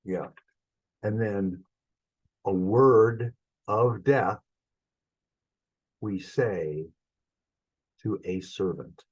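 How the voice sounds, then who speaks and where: A man's voice: fairly low pitch, extremely slow, pauses often, a little mellow, breathy edge, rough recording. A middle-aged man teaching a Greek lesson, thinking aloud as he works through examples and stops to correct his own mistakes. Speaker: Greek instructor. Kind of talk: recorded classroom lesson.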